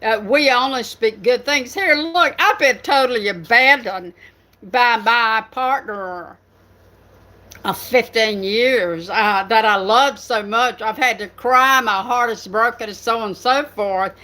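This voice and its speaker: Chatting on a live stream for her writing channel, an older Southern US woman rambles and uses lots of fillers. She speaks unhurriedly in a bright, forceful voice on the high side.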